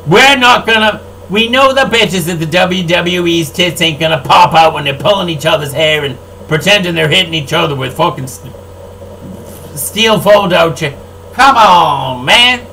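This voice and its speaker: An older man who owns a record label, delivering an angry, profane, rambling monologue that swings between loud outbursts and low mutters. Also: moderate pace, gravelly, a little hiss or hum, low-quality recording.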